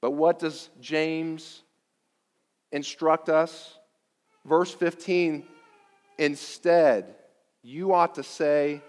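A man preaching a sermon, emphatic and deliberate, repeating key phrases for weight. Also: fairly high pitch, big-room sound. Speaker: pastor.

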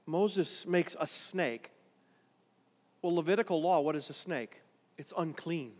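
A man preaching a sermon in a dramatic way, swinging between quiet, drawn-out lines and loud, urgent ones. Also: on the high side, long reverb tail. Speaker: pastor.

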